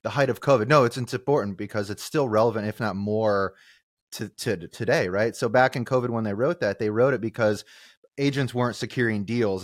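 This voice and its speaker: Blunt fast-talking man, dry sound. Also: fairly low pitch, no room sound. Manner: blunt and fast, with frequent profanity. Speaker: real estate listing agent, podcast guest. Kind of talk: casual podcast chat.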